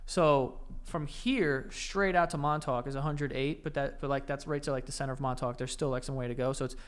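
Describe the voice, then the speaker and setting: A man's voice: mid-range voice, steady tone, a little fast, clean tone. A young man, co-hosting a podcast with teasing, joking banter. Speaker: podcast co-host. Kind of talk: casual chat.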